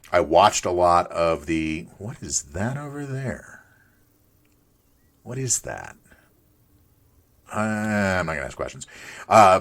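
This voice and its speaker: A man's voice: low-pitched, fairly bright tone. A man in his forties chatting casually and rambling through gameplay commentary as a let's play host, thinking aloud with restarts. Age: 40s. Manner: playful asides to himself.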